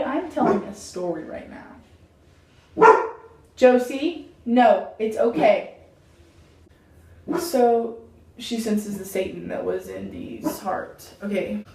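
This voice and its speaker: A young woman telling a childhood story in a casual storytime vlog, dramatic and animated, saying "like" constantly. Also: medium pitch. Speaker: vlogger. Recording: roomy, mic at a distance.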